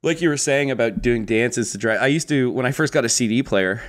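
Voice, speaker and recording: A man's voice: medium pitch, a little fast. A young man co-hosting a casual comedy podcast, telling stories with acted-out voices and frequent laughter. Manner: animated storyteller who acts out voices and laughs a lot. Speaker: podcast co-host.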